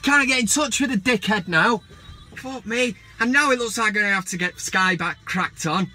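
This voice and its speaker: A man's voice: high-pitched, normal speed, pushed and bright. A man hosting a football vlog, ranting heatedly and mockingly with plenty of swearing.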